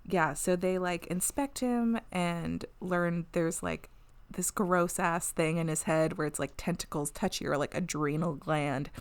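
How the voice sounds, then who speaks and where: Woman podcast host, casual recap, slightly low voice, laughs a lot. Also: measured pace, clean tone. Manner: chatty, laughs often, many fillers.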